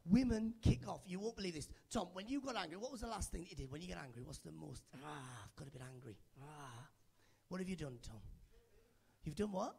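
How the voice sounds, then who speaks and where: A male stand-up comedian working the crowd from a club stage, teasing audience members by name in a chatty way. His voice sits high and has a gravelly, husky grain. He speaks into a handheld stage mic. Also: animated, fast talker, mellow. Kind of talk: stand-up set with crowd work.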